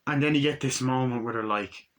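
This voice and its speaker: Bright-voiced man ranting about a movie. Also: medium pitch, fairly quick. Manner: rambling, profane, excitable retelling. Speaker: movie reviewer. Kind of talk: casual spoken movie review.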